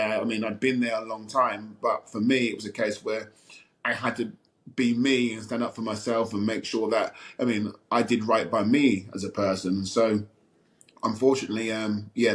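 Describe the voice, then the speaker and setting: A middle-aged man, a former footballer telling a long story as a podcast guest, rambling with many fillers and restarts. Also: on the low side. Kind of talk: casual storytelling interview.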